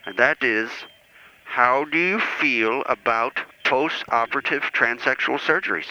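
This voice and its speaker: A man's voice: medium pitch, unhurried, bright, forceful tone. A man voicing a self-important, rambling priest calling in to the show. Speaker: caller. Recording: dull phone-line call.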